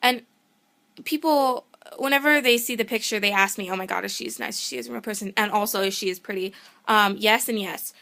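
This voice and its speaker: A young woman telling a story in a casual vlog, excitable and rambling, often cutting herself off to start over. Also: medium pitch, brisk. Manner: excitable, rambling, self-interrupting; gushing fan enthusiasm. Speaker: vlogger.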